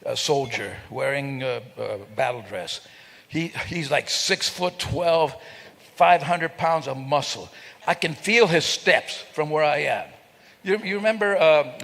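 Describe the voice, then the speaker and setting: A man with a somewhat high, slightly bright voice gives a speech as a guest speaker at an event. Joking with listeners, he tells stories while imitating sounds and voices, all with long reverb from the event hall.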